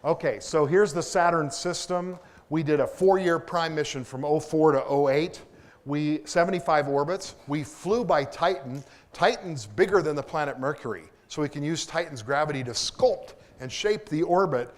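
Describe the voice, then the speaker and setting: A man from Kansas, a propulsion engineer, giving a lively public lecture full of self-deprecating stories and enthusiasm. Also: fairly high pitch, moderate pace. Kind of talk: lecture with anecdotes. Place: lecture hall.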